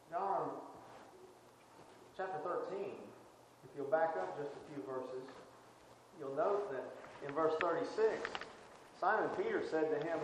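A man with a somewhat high voice preaches in an earnest, emphatic way, circling back and restarting his phrases as he builds each point. His voice rings through a very echoey hall with a long reverb tail. A faint hiss of noise sits underneath. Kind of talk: sermon.

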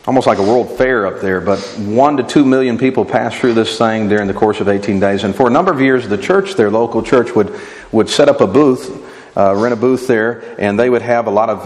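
A man preaching a sermon, asking rhetorical questions and answering them, voicing imagined objectors as he goes. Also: fairly low pitch. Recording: long hall reverb.

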